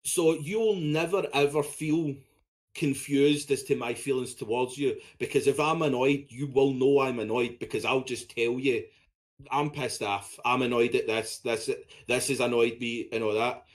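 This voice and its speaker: A man's voice: medium pitch, fairly even intonation, measured pace. A man co-hosting a podcast in casual, blunt, sweary chat. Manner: blunt, sweary, talks in short bursts. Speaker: podcast co-host.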